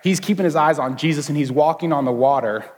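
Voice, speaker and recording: A young man preaching a casual, joking sermon as a student pastor, slipping into quick voices for the people in his story. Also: fairly high pitch, darkish tone. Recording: long hall reverb.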